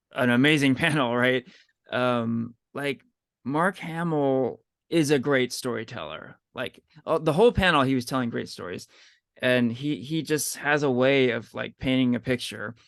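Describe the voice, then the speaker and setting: Gravelly-voiced man in eager podcast chat. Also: mid-range voice, fairly bright tone, no echo, studio quality. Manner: enthusiastic, chatty, often asks "right?". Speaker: podcast co-host. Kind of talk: casual chat.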